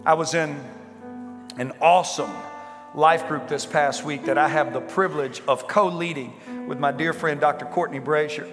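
A man with a high, bright voice preaches a sermon, working up to fervent shouting and stacking question on question. His voice rings out through a large hall with a long reverb tail. A faint instrument plays softly behind him. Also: fairly even intonation, brisk, faint music behind. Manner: builds to impassioned shouting, repetitive rhetorical questions. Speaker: pastor.

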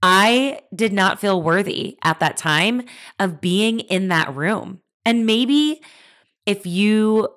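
A woman's voice: medium pitch, animated, slow pace, a bit bright. A young adult woman hosting her own podcast, telling a personal story in an earnest, confiding and emphatic way. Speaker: podcast host.

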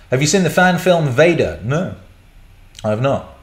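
A man's voice: on the high side, big pitch swings, normal speed. Man, middle-aged, sweary livestream host, blunt ranting delivery, echoey room. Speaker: host answering chat questions. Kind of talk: casual livestream Q&A. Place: indoor room. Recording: roomy echo.

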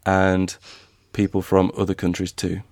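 A man's voice: low-pitched, completely flat delivery, a little slow, a little mellow, no echo. A man co-hosting a podcast about writing, talking casually with many restarts and fillers. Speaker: podcast co-host, novelist.

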